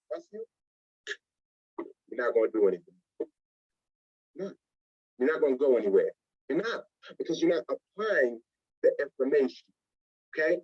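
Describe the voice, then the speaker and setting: A man's voice: high voice, normal speed, long pauses, dull audio. A man leading a motivational business training, acting out little scenes in different voices as he goes. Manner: animated, acts out little scenes in other voices. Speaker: network marketing trainer.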